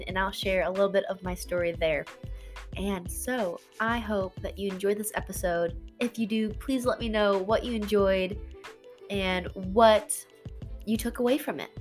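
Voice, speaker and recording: A woman's voice: mid-range voice, fairly bright tone. A woman hosting a self-help podcast, talking in an earnest, open-hearted way to her listeners. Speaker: podcast host.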